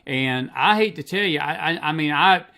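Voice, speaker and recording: A man hosts a casual political talk show. His voice sits a little high for a man, and he speaks emphatically, with a cynical edge. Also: moderate pace, bright, forceful tone. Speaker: host.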